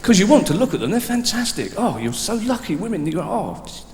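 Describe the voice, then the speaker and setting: Male stand-up comic, animated delivery, live hall sound. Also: sits high, a little fast. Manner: animated, shouting out mock instructions. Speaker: comedian. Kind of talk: stand-up routine. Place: live comedy stage. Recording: live hall reverb with background noise.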